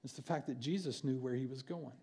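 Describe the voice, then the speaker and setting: A man preaching a sermon in church, earnest and pausing for effect. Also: medium pitch, breathy edge. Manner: earnest, with dramatic pauses and quieter passages. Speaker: pastor.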